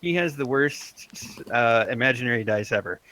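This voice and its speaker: A man's voice: medium pitch, expressive, moderate pace, bright, forceful tone, no room sound, low-quality recording. A man running a tabletop game as game master, loose and laughing, with lots of fillers.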